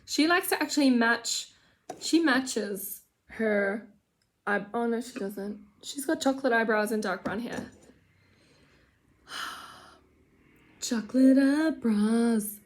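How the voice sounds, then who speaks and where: A woman talks through her makeup in a loose, rambling way, poking fun at herself and sliding into low mutters. Her voice sits a touch high, and the chat feels unscripted and homely, recorded in her room at home. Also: unhurried. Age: adult with children. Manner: rambling, chatty, self-mocking, drops to mutters. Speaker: vlogger doing makeup. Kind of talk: casual get-ready-with-me chat.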